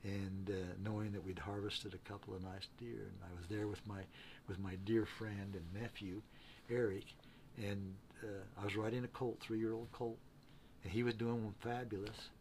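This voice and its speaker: Earnest low-voiced man telling a story. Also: little pitch movement, a little mellow, a little hiss or hum. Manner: halting, often repeats and restarts words. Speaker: interview guest. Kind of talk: casual spoken storytelling.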